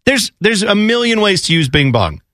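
A man's voice: high voice, sing-song, moderate pace, fairly bright tone, no room sound, clean studio sound. A man co-hosting a podcast, teasing his partner and joking in casual sports banter. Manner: teasing, mimics accents for laughs. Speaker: podcast co-host.

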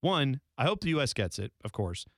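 A man co-hosts a podcast in relaxed casual chat, with a few wry asides. His voice is mid-pitched and sounds dry and close to the mic. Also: fairly quick, no echo. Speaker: podcast co-host.

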